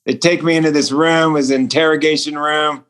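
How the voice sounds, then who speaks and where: Earnest higher-voiced man telling a story. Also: steady tone, a little fast, fairly bright tone, clear, resonant tone. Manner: earnest, acts out quoted dialogue. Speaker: guest, author and speaker. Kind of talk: personal storytelling in a remote interview. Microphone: remote call connection.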